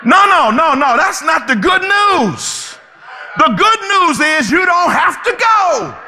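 A male pastor preaching an impassioned sermon, often shouting his points. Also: very high voice, sing-song, takes it slowly, in a large hall.

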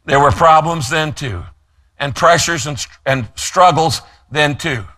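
A man preaching a sermon as pastor, emphatic, slowing down to stress key phrases and telling listeners what to write down. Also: on the high side, pushed and bright. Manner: gives note-taking instructions to listeners.

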